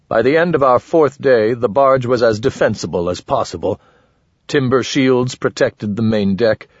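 A man narrating a story in the first person, with a measured, dry delivery, close to the mic. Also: mid-range voice, slightly rough, no room sound, highs cut off. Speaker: audiobook narrator.

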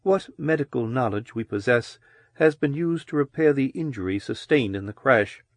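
A man voicing a mature, commanding woman who speaks calmly and in a hushed way in an audiobook reading. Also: mid-range voice, normal speed, no echo, lightly acted. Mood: quiet, gentle. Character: mature commanding woman, calm and low-spoken.

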